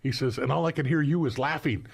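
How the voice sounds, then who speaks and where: Older veteran, gravelly voice, reflective and laughing storyteller. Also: male voice, medium pitch, quick pace. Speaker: podcast guest, veteran. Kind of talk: casual storytelling.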